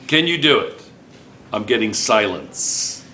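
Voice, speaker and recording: A man teaching a chemistry class in a playful, teasing way, talking loudly to the room. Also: on the low side, expressive, slow, a little hiss or hum. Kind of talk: joking classroom review.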